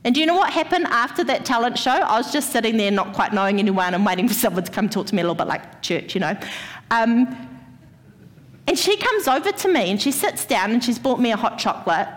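A woman preaches in a church hall, her fairly high voice trailing off into a long reverb. She tells her own stories and puts questions straight to the people in front of her, as if chatting with them. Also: lively intonation, fast. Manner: personal storytelling, addresses the congregation directly. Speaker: church speaker. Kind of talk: sermon.

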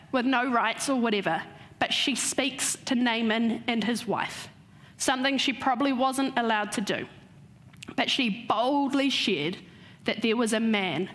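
A woman with a fairly high voice preaching a sermon. She retells the story step by step and slows down on the words she wants to land. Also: a bit bright.

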